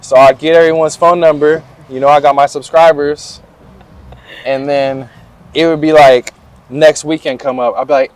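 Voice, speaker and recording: A man's voice: a little high, flat delivery, moderate pace, darkish tone, dry recording. A young man in an outdoor interview, telling stories from his life in a slangy, laid-back way. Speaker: interview guest. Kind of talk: casual storytelling interview.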